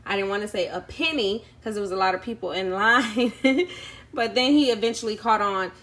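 Indoors at home, a female YouTube vlogger recounts a long story in a chatty way, with many ums and acted-out quotes from people she met. Her voice sits mid-range, fairly bright, at a moderate pace.

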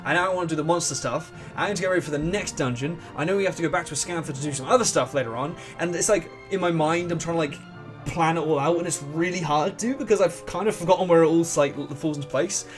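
Rambling, excitable man narrating gameplay. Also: a little high, quick pace, soft background music. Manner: rambling and excitable, restarts often, hums along. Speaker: let's play host. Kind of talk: casual gameplay commentary.

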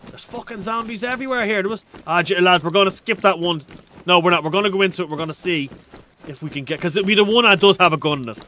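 High-pitched, bright-voiced male streamer. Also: quick pace, a little hiss or hum. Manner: high-energy, swearing, joking with chat. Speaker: game streamer. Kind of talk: live gameplay streaming, reading chat aloud.

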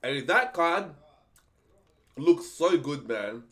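Opening game packs on a live stream, a young man talks with casual excitement, cursing freely and begging for good luck. He speaks slowly in a slightly high voice, with a little hiss or hum in the audio.

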